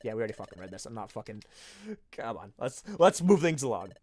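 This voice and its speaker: A man's voice: lowish voice, big pitch swings, fast talker, a little mellow. Swearing male gaming streamer. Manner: profane, frustrated ranting. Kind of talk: let's play commentary.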